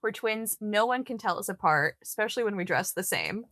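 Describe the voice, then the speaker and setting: A woman's voice: medium pitch, lively intonation, a little fast, fairly bright tone, no echo, clean studio sound. A woman guest on a podcast chatting casually, jokey and dramatic. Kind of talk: casual chat.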